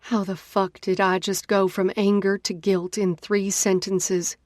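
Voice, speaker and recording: Expressive woman narrating an audiobook. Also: medium pitch, a little slow, no room sound, clean studio sound. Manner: expressive, dramatic. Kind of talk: first-person audiobook narration.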